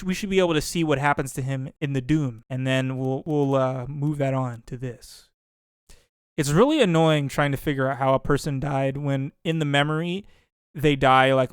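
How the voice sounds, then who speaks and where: A man's voice: a little high, clean tone, dry recording, clean studio sound. Man thinking aloud over gameplay. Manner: thinking aloud, rambling with fillers and restarts. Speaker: let's play host. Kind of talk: casual gameplay commentary. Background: background music.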